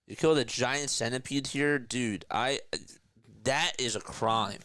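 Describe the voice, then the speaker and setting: A young man streaming live play-by-play of a baseball game, chatting with his viewers between pitches and lifting his voice for each call. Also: takes it slowly, sharp tone, no echo. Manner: pitch calls rise in pitch and energy. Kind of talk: live play-by-play commentary with chat.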